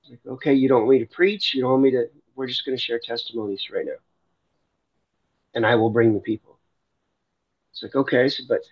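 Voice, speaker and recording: A man's voice: mid-range voice, normal speed, pauses often, dry recording, muffled recording. A middle-aged man sharing a personal faith testimony in a loose, rambling storytelling way, often restarting his sentences. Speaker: Christian livestreamer and foster parent.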